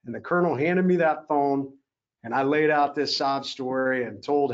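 A man's voice: medium pitch, moderate pace. A man giving a motivational talk at an evening event, telling a personal story in an earnest way and acting out what officers said to him. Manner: earnest, acts out quoted officers. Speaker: keynote speaker. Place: event hall. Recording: slightly dull lo-fi sound.

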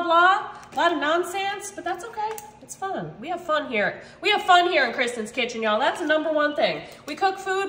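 A woman's voice: high voice, bright, forceful tone, reverberant. A woman hosting a cooking vlog from her home kitchen, chatting playfully with viewers and joking about herself. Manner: chatty, playful, self-mocking, keeps saying y'all. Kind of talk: casual cooking chat to viewers.

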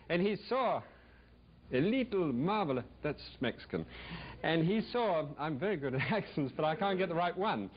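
A man's voice: medium pitch, slight background noise. A man hosting a cooking show in a TV studio kitchen, demonstrating a recipe in a chatty, jokey, rambling way with playful asides to a live audience. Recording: dull lo-fi vintage TV recording.

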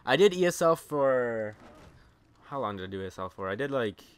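A man's voice: medium pitch, sing-song, brisk, smooth. A young man co-hosting a let's play, joking and swearing in casual chat.

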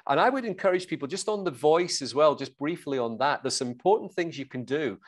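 A man, a guest coach giving sales advice in an interview, confident and energetic, explaining through examples. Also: a little high, a little fast.

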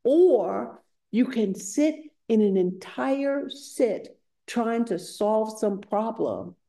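A meditation teacher gives a dharma talk in a retreat center's meditation hall, her fairly high, mellow voice expressive and extremely slow. She is conversational and searching, repeating phrases as she reads from scripture.

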